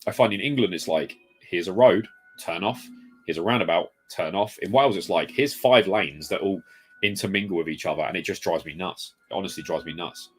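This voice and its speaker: Deep-voiced male streamer, casual rambling chat, reads viewer comments, soft music underneath. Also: fairly quick. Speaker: live streamer. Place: home room full of retro games. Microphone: desk mic moved close.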